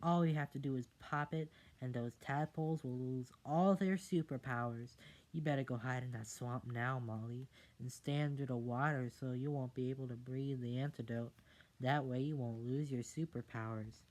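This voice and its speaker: A reader voicing an eager little kitten boy hero in a storybook reading, excited and slangy. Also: medium pitch, moderate pace, natural voice. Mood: explaining.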